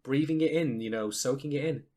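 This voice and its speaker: Animated man co-hosting a podcast. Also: medium pitch, brisk. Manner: animated, swearing, emphatic asides. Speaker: podcast co-host. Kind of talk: casual podcast chat.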